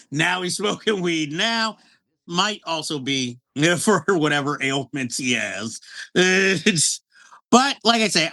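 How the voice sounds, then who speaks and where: Lively high-voiced man chatting about films. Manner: animated, laughs often, many restarts. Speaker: podcast co-host. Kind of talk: casual film review chat.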